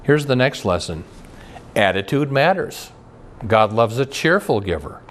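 A man's voice: medium pitch, sing-song, a little slow. A man preaching a sermon as pastor, folksy and storytelling, with homespun jokes and some stumbling restarts. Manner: folksy, tells jokes and stories, frequent restarts.

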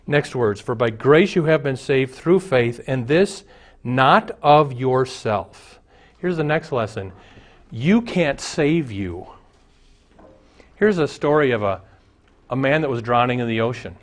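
A man's voice: medium pitch, animated, takes it slowly. Male pastor, mid-range voice, storytelling sermon delivery. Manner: storytelling preacher, acts out voices in jokes.

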